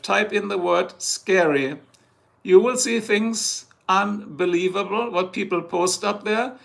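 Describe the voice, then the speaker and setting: A middle-aged man with a German accent talks loosely on a livestream. He rambles from one joke to the next and calls out to his chat viewers by name. His voice sits high and carries a gravelly rasp. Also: a bit bright.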